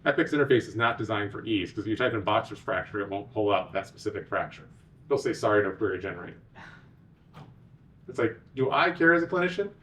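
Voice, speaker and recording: Animated man giving a conference talk. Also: on the low side, fast, far from the mic. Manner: animated, sarcastic asides. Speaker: physician executive speaker.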